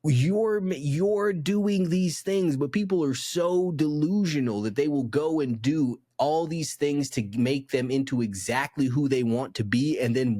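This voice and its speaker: A man's voice: mid-range voice, a little mellow, no echo, clean studio sound. A man co-hosting a podcast, lecturing bluntly and scornfully in casual conversation. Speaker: podcast co-host.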